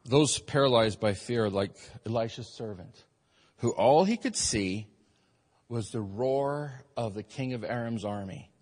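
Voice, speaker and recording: Emphatic preacher in an echoing hall. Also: male voice, mid-range voice, animated, a little slow, darkish tone. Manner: emphatic preaching, rising and falling in force. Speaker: pastor. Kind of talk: sermon.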